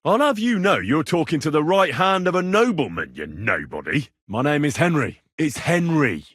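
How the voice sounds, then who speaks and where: A plainspoken young medieval commoner hero for a game, husky, animated delivery, dry booth sound. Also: male voice, on the high side, moderate pace, no room sound, exaggerated voice. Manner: sardonic, swears freely. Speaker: game protagonist. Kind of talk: game voice lines.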